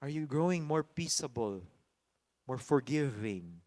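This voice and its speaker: A Filipino man preaching to a men's group as pastor, mixing English and Tagalog, building to loud emphatic peaks and dropping to quiet, reflective passages. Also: medium pitch, expressive, measured pace.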